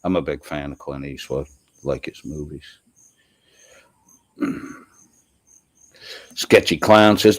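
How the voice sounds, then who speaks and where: A man's voice: very deep voice, slow, pauses often, dry recording. A man from the US East Coast hosting a casual livestream and reading chat comments aloud. He is congested with a sore throat and talks in a profane, rambling way. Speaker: livestream host.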